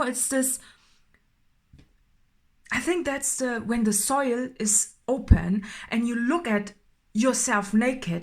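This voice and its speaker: Filler-heavy and halting, this woman's unscripted, intuitive tarot reading gains emphasis as it goes along. The tarot reader keeps checking in with "right?" in a voice that's a little high.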